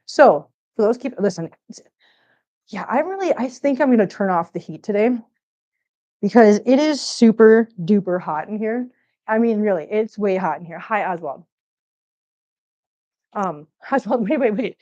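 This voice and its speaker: A woman's voice: mid-range voice, animated, normal speed, long pauses, dark tone. Woman, from Missouri, rambling casual chat, cooing to pets, laptop mic, slightly dull sound. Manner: chatty, rambling, coos baby talk to her cats. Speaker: cat channel host. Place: home. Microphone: laptop microphone.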